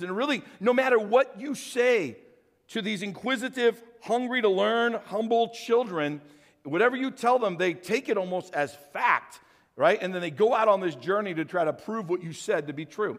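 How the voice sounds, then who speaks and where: An older man preaching a sermon, telling animated stories and acting out the voices in them. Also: sits high. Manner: animated storytelling, acts out voices. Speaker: pastor. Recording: long church hall reverb.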